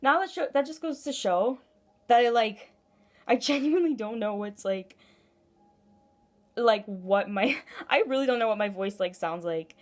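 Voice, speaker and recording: A woman's voice: on the high side, animated, measured pace, pauses often. A woman giving a casual, intuitive tarot reading to camera, rambling and effusive, with lots of fillers and self-interruptions. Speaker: tarot reader.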